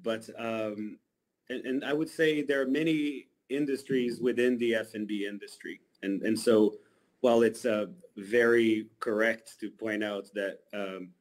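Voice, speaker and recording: Relaxed man chef answering questions. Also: lowish voice, low-quality recording. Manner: relaxed, thoughtful, measured. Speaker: chef, interview guest. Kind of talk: radio interview answers.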